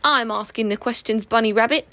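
A woman's voice: a little high, a little fast, a bit bright, dry recording, close to an everyday voice. Woman doing a haughty vain lady otter. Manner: haughty and demanding. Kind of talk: storybook reading.

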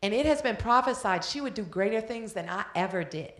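A woman's voice: medium pitch, lively intonation, brisk, a bit bright. A middle-aged woman preaching a sermon, telling stories earnestly and reading scripture aloud. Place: event hall. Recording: echoey hall.

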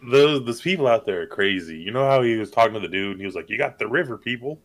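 A man's voice: mid-range voice, lively intonation, fast talker, fairly bright tone. A man in casual chat, wry and swearing freely as he quotes movie characters.

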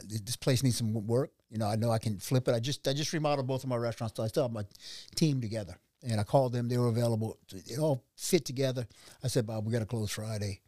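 A middle-aged man, a restaurant owner who tells his story in an animated way and acts out the voices of other people. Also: medium pitch, dry recording, studio quality. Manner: animated, acts out quoted dialogue. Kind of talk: conversational storytelling.

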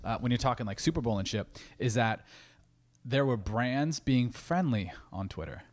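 A man's voice: mid-range voice, animated, moderate pace. Male podcast co-host, casual banter, easygoing, swears offhand. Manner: loose, joking, swears casually. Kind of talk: casual chat.

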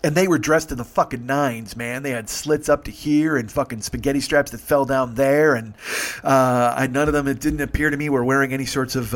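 A man, a rideshare driver, casually telling stories and acting out dialogue, swearing freely. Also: medium pitch. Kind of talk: casual storytelling monologue.

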